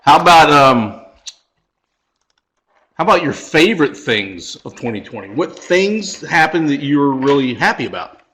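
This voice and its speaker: A man's voice: on the high side, sing-song, normal speed, fairly bright tone, low-quality recording. A man hosting a podcast in a casual chat, asking his co-hosts questions and chuckling along. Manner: chatty, prompts others with questions, chuckles often. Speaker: podcast host.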